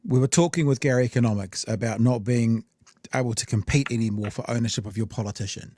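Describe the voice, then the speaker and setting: A man's voice: mid-range voice, brisk, a little mellow, no room sound, studio quality. Blunt New male podcast host. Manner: blunt and rambling, with many fillers. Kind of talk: casual political chat.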